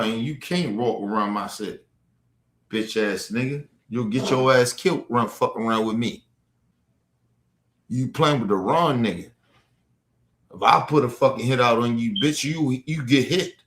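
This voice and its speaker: A man's voice: medium pitch, moderate pace, fairly bright tone, roomy sound, slight background noise. A man ranting at a viewer on a livestream, aggressive and profane. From Baltimore. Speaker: streamer. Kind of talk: livestream rant.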